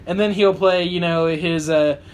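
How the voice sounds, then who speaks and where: A man's voice: sits high, fairly even intonation, measured pace, a little hiss or hum. Rambling, hesitant male podcast co-host. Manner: rambling, hesitant, with many fillers. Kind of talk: casual podcast chat.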